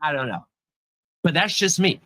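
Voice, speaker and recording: A man talks casually about a movie on a podcast in a hyped, animated way, looping back over his own words. His voice sits a little high and sounds bright and sharp. The sound is dry and close. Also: moderate pace, no room sound. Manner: hyped, animated, repeats himself. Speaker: podcast co-host. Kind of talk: casual movie review chat.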